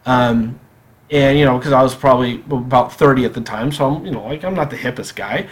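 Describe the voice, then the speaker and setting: A man telling a personal story on a podcast in a casual, animated way, acting out the dialogue. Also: medium pitch, a little fast. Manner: animated, acts out quoted dialogue.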